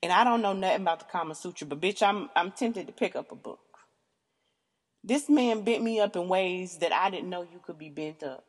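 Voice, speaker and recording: A woman hosting a podcast, telling a candid story in an animated, emphatic way, swearing freely and calling out to her listeners. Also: fairly low pitch, brisk, slightly rough, long reverb tail. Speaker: podcast host.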